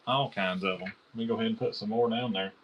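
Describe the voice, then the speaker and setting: The audio is dull as a Kentucky man with a fairly low voice runs a live-stream knife auction at a quick pace. Excited and talkative, he calls out his bidders by name.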